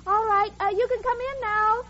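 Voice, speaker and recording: Very high, scatterbrained young roommate. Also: female voice, steady tone, normal speed, pushed and bright, slight background noise. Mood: naive. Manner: breathy, wide-eyed and scatterbrained. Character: dizzy, naive young woman roommate. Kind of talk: 1940s radio comedy acting. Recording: dull old radio broadcast recording.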